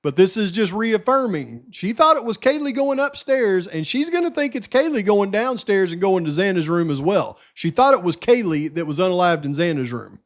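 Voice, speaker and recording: High-voiced man giving emphatic commentary. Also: very animated, normal speed, few pauses. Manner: emphatic, repeats points, talks straight to viewers. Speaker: true-crime channel host. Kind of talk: casual case commentary.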